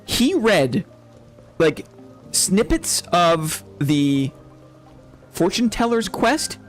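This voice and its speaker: Male streamer, fairly high voice, rambling casual chat, laughs a lot, faint music underneath. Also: very animated, drawn-out words. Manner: rambling, chatty, laughs often, keeps adding "right?". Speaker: game streamer. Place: home streaming setup.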